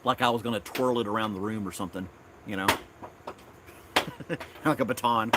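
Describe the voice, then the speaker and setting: A man's voice: on the low side, steady tone, moderate pace, noisy background. A man from Tennessee, hosting a casual live stream outdoors in his backyard, rambling and chuckling often.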